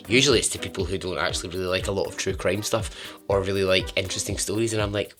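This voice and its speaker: Chatty podcast host. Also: male voice, on the low side, quick pace, fairly bright tone, faint music behind. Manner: chatty and friendly, laughing often and wandering into asides. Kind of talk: casual podcast chat.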